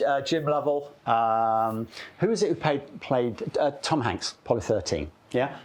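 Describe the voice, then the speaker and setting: A man giving a live talk at a club event, telling anecdotes in an animated, chatty way, often checking in with "okay?". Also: medium pitch.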